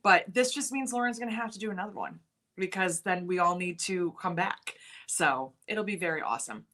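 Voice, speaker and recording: A young adult woman hosts a casual live stream with a bright, forceful voice. She chats loosely with her viewers, reads their comments aloud and laughs often. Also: on the low side, a little fast. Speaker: livestream host.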